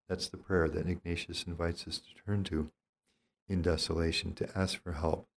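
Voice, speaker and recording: An older man, a priest, giving a calm and reflective teaching talk on spiritual discernment. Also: sits low. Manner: calm, reflective, gently explanatory.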